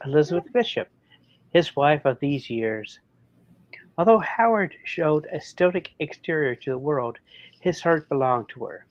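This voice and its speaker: A man co-hosting a podcast, reading a story aloud in a halting way with small slips. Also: on the high side. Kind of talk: casual storytelling read-aloud. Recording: dull lo-fi, dry sound.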